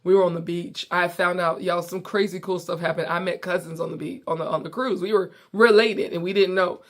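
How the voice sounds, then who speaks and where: A lowish, brisk voice belongs to this woman from the United States who hosts a comedy show; in her home basement she tells a story with animated, casual chat and frequent mid-sentence breaks.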